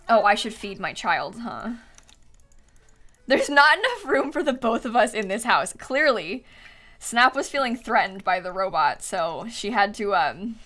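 Giggly bright-voiced young woman streamer. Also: a little high. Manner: giggly, chatty, rambling. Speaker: game streamer. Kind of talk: casual live-stream chat while playing.

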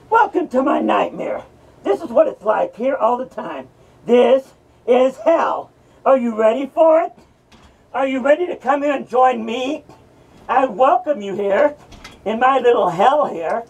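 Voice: medium pitch, vocal fry, breathy edge, recorded from a distance, exaggerated voice, low-quality recording. A performer voicing a mocking male madman from hell who hosts a horror rant, taunting and cursing at the listeners. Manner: ranting, taunting, cackling, profane.

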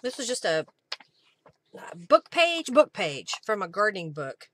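A woman with a bright, clear voice leads a live craft session. She muses aloud about each step and keeps up easy chatter with her viewers. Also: mid-range voice, very animated, a little slow, no room sound. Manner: chatty, thinking aloud while working, thanking viewers. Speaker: craft journaling host. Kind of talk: live-stream crafting demo.

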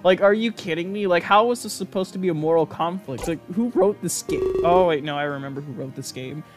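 A man's voice: a little high, a little fast. A man reading a visual novel aloud and breaking in with profane, sarcastic commentary. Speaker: let's play narrator. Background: background game music.

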